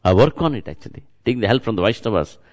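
A spiritual teacher with a fairly low, slightly mellow voice preaches a devotional sermon at a quick pace with lively intonation. He repeats words and chants, speaking straight to his audience.

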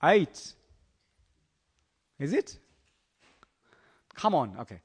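Male preacher, slightly high voice, lively and teasing, takes audience questions. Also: a little slow, long pauses. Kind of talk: storytelling sermon.

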